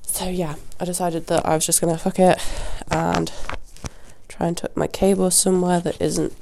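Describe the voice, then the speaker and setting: A woman's voice: on the low side, little pitch movement, normal speed, gravelly, mellow. A woman hosting a rambling solo podcast, sick and sniffly, casual and sweary, talking outdoors into a lapel mic with wind behind her. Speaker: podcast host. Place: outdoors at a windy horse yard. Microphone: lapel mic clipped to jacket. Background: wind noise.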